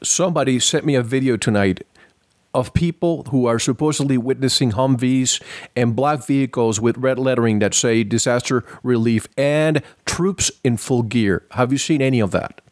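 A man's voice: medium pitch, normal speed, a little mellow, dry recording, studio quality. A male radio host who cuts in with brief interjections and pointed questions.

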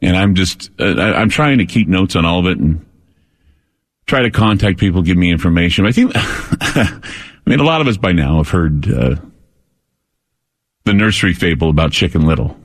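A man's voice: low voice, animated, moderate pace, pauses often. A man hosting a late-night call-in radio show from a studio, talking in a loose, rambling way with plenty of fillers and restarts. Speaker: radio talk show host. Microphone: studio microphone.

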